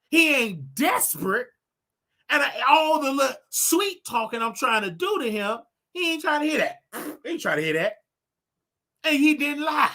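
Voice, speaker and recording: A male livestream host talking casually with a bright, forceful tone. His delivery swoops widely in pitch, preaching to his listeners and breaking into laughing asides.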